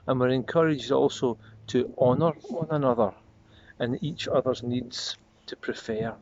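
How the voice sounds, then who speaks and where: An earnest male pastor of medium pitch delivers a soft devotional sermon, slowing and softening on repeated refrains. The lo-fi audio is slightly dull, with faint noise.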